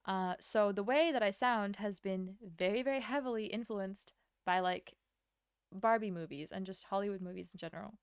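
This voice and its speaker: A young woman from Latvia chats with her stream while she draws, rambling and answering her chat with quick laughs. Her voice is smooth and clear, with a gravelly fry at the ends of phrases. The sound is dry, with no room echo. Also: medium pitch. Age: young adult.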